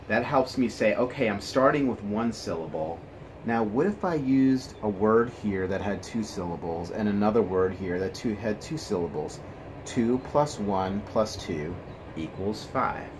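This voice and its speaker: A man with a deep voice teaches a classroom lesson, speaking slowly and patiently as he counts syllables out loud for his students. He moves around, so his voice sometimes drifts off the mic. There is faint room noise behind him. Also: animated. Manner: slow, counts syllables aloud, talks to students. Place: indoors, near a passing train.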